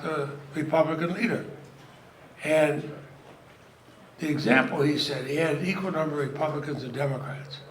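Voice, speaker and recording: An older man, a retiring senator, giving a rambling, self-deprecating anecdotal speech to an audience at an event. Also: a little high. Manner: rambling storyteller, self-deprecating humor, frequent pauses. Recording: echoey hall, noisy crowd. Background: audience laughter and room noise.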